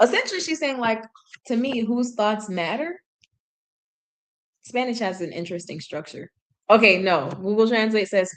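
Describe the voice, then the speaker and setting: Chatty woman learner, reading aloud. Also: mid-range voice. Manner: chatty, self-correcting, laughs at herself, drops into sung snippets. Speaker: language learner streaming a reading session. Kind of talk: casual live-stream reading and translating.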